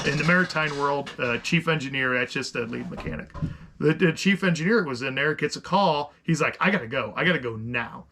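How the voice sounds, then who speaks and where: A man's voice: fairly high pitch, a little hiss or hum. A middle-aged man co-hosting a podcast, telling a story in casual chat with lots of restarts and rambling asides. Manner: animated, rambling with many restarts. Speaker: podcast co-host.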